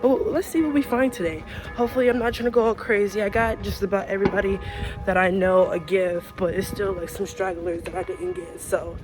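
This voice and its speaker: A woman's voice: mid-range voice, steady tone, fairly quick. A young woman from the United States chatting casually into her phone while walking and shopping outdoors, rambling with lots of fillers. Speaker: vlogger. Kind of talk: casual travel vlog. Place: outdoors on city streets and markets. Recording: music playing underneath.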